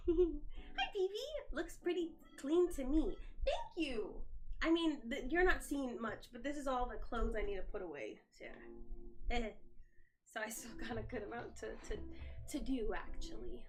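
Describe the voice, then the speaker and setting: A woman's voice: fairly high pitch, sing-song, unhurried, darkish tone. Chatty young woman livestreaming from her phone. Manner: chatty, reads and answers viewer comments while tidying. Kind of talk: casual livestream chat. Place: home, indoors.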